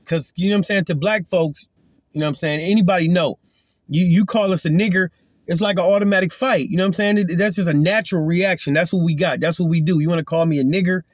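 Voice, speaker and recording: A man's voice: sits high, quick pace, dry recording, studio quality. A man giving an earnest, emphatic spoken testimony as a Christian, retelling a confrontation in casual talk.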